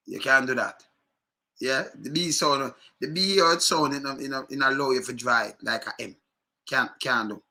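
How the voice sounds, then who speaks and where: A man's voice: medium pitch, moderate pace, bright, forceful tone. A man with a Jamaican accent giving emphatic, repetitive commentary on video clips in casual patois.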